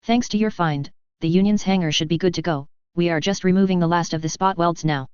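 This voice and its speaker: Narrator as a polite young male captain, businesslike, crisp and dry. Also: mid-range voice, a little fast, a little mellow, no echo, muffled recording, lightly acted.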